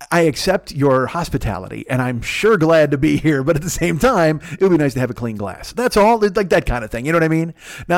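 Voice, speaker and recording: A man with a Chicago accent and a radio voice, hosting a solo comedic podcast rant, rambling and profane with frequent restarts. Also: mid-range voice. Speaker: podcast host.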